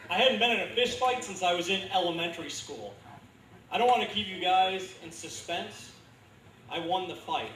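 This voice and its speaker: A man in his thirties doing a stand-up comedy set, delivering dark one-liners in a dry, deadpan manner. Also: high-pitched, slight background noise. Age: 30s. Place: comedy club stage. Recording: echoey club recording from far off.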